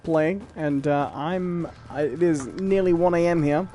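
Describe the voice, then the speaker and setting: Laid-back British man, higher voice. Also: a little slow, a little hiss or hum. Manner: storytelling, relaxed with fillers. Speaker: podcast co-host. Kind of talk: casual podcast chat.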